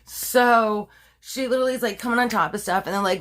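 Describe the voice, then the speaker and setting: A woman's voice: medium pitch, brisk, a bit bright. A woman tells a true crime story in a loose, conversational way, stacking fillers and side comments. She leans into the drama of her own telling and chuckles at it. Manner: chatty, full of fillers and asides.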